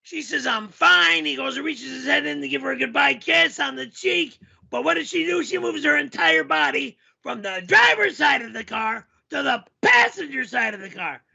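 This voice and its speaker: A man putting on a loud, yelling middle-aged male character and telling a rambling story full of shouting and swearing. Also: very high-pitched, expressive, moderate pace, gravelly, muffled recording, heavily acted. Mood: ranting. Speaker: show host.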